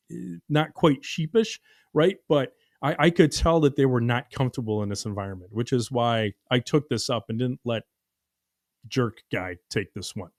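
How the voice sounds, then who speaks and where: Animated storytelling man, dry sound. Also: mid-range voice, dry recording. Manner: animated, acts out dialogue, many fillers. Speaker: podcast host. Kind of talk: casual storytelling.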